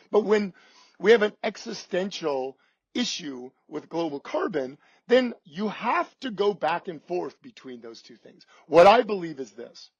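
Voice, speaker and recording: Man, high voice, husky, emphatic guest, dull dry recording. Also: no echo. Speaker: podcast guest.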